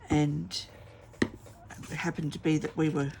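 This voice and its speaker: A woman's voice: sits low, level tone, slow pace, gravelly, noisy background. A middle-aged woman, chatting casually and telling rambling stories while she crafts at home. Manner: rambling storytelling with many fillers. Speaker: craft vlogger.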